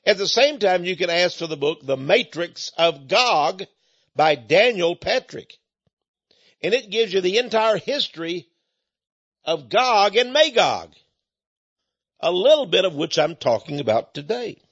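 A man's voice: sits high, big pitch swings, unhurried, a bit bright, slightly rough, dull audio. A man from Texas with an East Texan accent, giving a folksy, emphatic preaching monologue.

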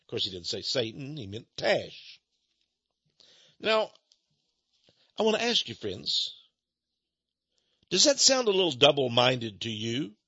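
A man's voice: medium pitch, a little slow, pauses often, breathy edge, no room sound, muffled recording. A man preaching an impassioned sermon, talking straight to his listeners with rhetorical questions. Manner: animated, rhetorical, addresses listeners directly.

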